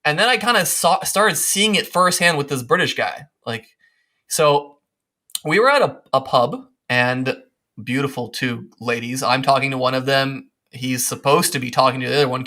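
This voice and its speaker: Bright-voiced male podcast host. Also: mid-range voice, moderate pace. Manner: lively, animated storytelling with playful asides. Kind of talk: casual podcast chat.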